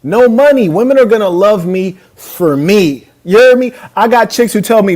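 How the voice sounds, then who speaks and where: Brash, high-voiced man mocking a clip. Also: lively intonation, moderate pace, few pauses, darkish tone. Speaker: podcast host reacting to a clip. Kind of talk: casual reaction commentary. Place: hotel suite abroad. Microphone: camera mic.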